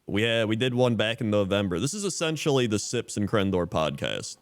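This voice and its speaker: A man's voice: fairly low pitch, lively intonation, brisk. A man streaming live in casual chat, reading out usernames and laughing often.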